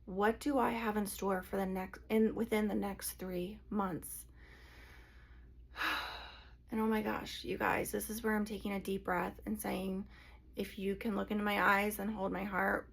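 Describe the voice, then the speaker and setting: A woman channeler and energy healer speaking to her viewers in an emotional, confessional vlog, hushed and sighing as she talks. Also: medium pitch, little pitch movement, unhurried, gravelly, long pauses.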